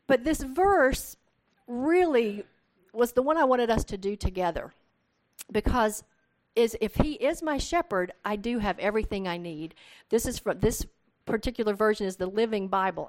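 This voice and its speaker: A woman leading a congregation in reading scripture, earnest and a little halting as she speaks from a church microphone. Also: on the high side. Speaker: worship leader. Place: church hall. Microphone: handheld microphone.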